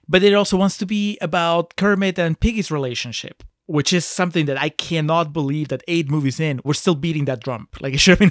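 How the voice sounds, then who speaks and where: A man's voice: on the high side, no room sound, clean studio sound. A man co-hosting a casual movie podcast, critical and chatty, often laughing as he talks. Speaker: podcast co-host.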